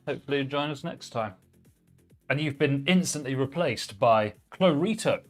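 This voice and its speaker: A man's voice: medium pitch, normal speed, soft background music. Chatty man streaming a PC build. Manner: chatty, relaxed, reads chat messages aloud while working. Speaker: livestream host building a PC. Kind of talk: casual live-stream chat.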